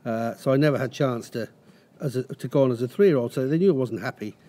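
A man's voice: mid-range voice, fast, dark tone. A middle-aged man, a racehorse trainer, telling rambling anecdotes in a casual interview. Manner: rambling anecdotes with restarts and acted quotes.

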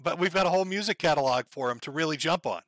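A man's voice: on the high side, racing, fairly bright tone, no room sound. A man with a Minnesota accent hosting a livestream, rambling casually with profanity and laughing asides. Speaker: livestream host.

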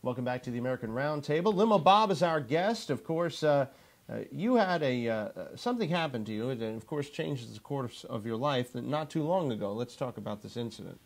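A man hosting a talk show, introducing his guest in a halting way with many fillers. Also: medium pitch, animated.

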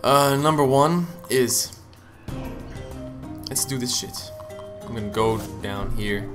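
A man's voice: mid-range voice, slow pace. Joking, swearing young man playing a game. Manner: joking, swearing, punning, with sudden loud outbursts. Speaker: let's play gamer. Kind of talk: casual gaming commentary. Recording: game music behind the voice. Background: game music.

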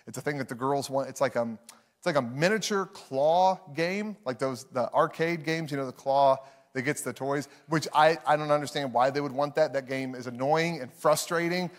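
A man's voice: mid-range voice, normal speed. A man, preaching a sermon in a conversational, self-deprecating storytelling way to a live congregation. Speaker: pastor.

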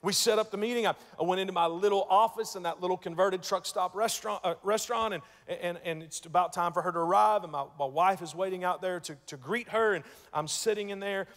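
A man preaches to his congregation, his voice sitting a little high for a man and carrying a long hall reverb. He tells a story and doubles words as he starts. He drops to near hush and then rises to loud emphasis. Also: fast, few pauses. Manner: storytelling, repeats words when starting, swings from hushed to loud. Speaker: pastor. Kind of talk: sermon. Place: church sanctuary.

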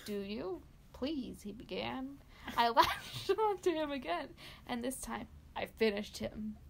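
A woman's voice: a little high, lively intonation, takes it slowly, vocal fry, slight background noise. A woman co-hosting a podcast, reading a horror story aloud in a dramatic way and laughing between lines. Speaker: podcast co-host.

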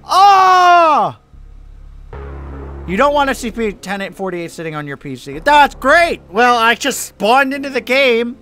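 Young man, horror game let's play, screams and swears at scares, bright tone, faint music behind. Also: very high voice, expressive, normal speed, hardly any pauses. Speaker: gaming YouTuber.

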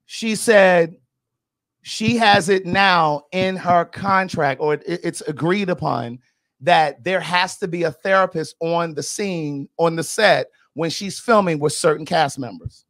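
Outspoken female podcast host, blunt and animated, dishing gossip in casual talk. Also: lowish voice, measured pace. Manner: animated and emphatic. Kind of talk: casual pop-culture commentary.

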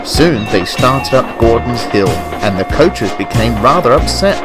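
A man narrating a children's railway story in a gentle, expressive reading style. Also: mid-range voice, unhurried, hardly any pauses, over loud music.

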